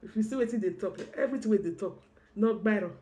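Nigerian woman, rapid and scolding. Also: mid-range voice, warm tone. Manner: rapid, mixing languages, scolding. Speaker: guest. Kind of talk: heated conversational exchange.

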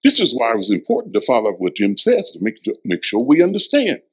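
Emphatic preaching pastor, lively pitch. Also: male voice, fast talker, slightly rough, rough recording. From Florida. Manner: emphatic preaching, swings from hushed to loud; repeats lines for emphasis. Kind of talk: sermon. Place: church sanctuary.

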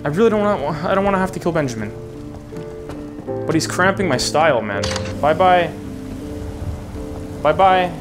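Brief: playful young gamer, high voice, casual swearing. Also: male voice, very animated, fast talker, long pauses, music in the background. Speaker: gaming video creator. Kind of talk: playing a VR game on camera, joking commentary.

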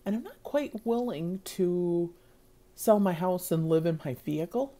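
A woman's voice: fairly low pitch, expressive, a little slow, dark tone. A middle-aged woman talking to her viewers in a casual vlog, earnest and rambling, with many fillers. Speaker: vlogger.

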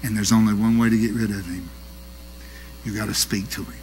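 A middle-aged man, preaching a sermon with animated storytelling that swings from loud to hushed. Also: fairly low pitch, a little fast, a little hiss or hum.

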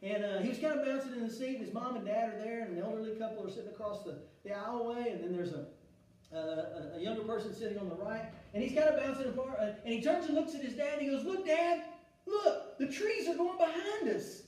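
A male pastor preaching a sermon, swinging between loud exclamation and hushed, soft passages, with frequent restarts. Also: high-pitched, fast talker. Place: church sanctuary. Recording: very echoey church room, mic at a distance.

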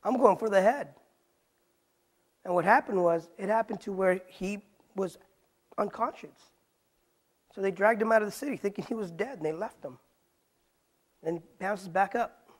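A man's voice: sits high, normal speed, pauses often, breathy edge. A man preaching in a Bible study sermon, asking rhetorical questions and using casual street slang. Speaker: pastor.

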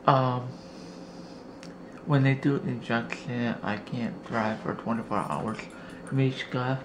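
A man vlogging casually from his home, talking to his camera and coaxing his dog in a high, playful voice between rambling updates. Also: slow. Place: home indoors. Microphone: handheld camera. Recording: noisy home camera audio.

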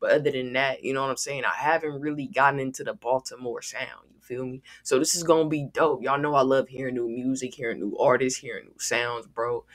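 A man's voice: mid-range voice, fairly even intonation, a little fast, few pauses, a bit bright. A man hosting a music reaction video, talking casually in a slangy, laid-back way. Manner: slangy, laid-back, peppers talk with "bro" and "gang".

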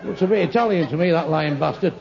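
Crude, swearing English comedian, gravelly voice. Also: male voice, a little high, quick pace, noisy background. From England. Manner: crude, swearing, insulting the audience. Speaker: stand-up comedian. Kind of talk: live stand-up comedy. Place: comedy club before a live audience. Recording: dull echoey live club recording with crowd laughter.

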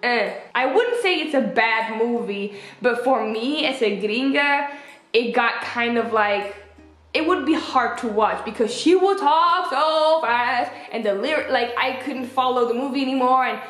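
Young woman vlogger, casual chat, animated, slightly high voice, echoey room. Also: measured pace, soft background music. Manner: chatty and animated, acts out quotes with pitch jumps. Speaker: vlogger reviewing a film.

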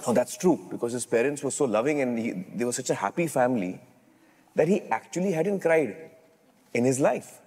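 A man, telling animated stories as a guest in an interview. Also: medium pitch, brisk, husky. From India. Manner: animated, acts out dialogue while telling stories. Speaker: guest filmmaker. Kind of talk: storytelling in an interview. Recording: long reverb in a hall.

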